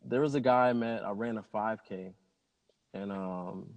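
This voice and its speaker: A man tells rambling stories in a relaxed interview, upbeat and positive throughout. His voice sits on the lower side, and a long hall reverb trails after his words. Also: unhurried. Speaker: pilot and interview guest. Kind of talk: casual interview conversation.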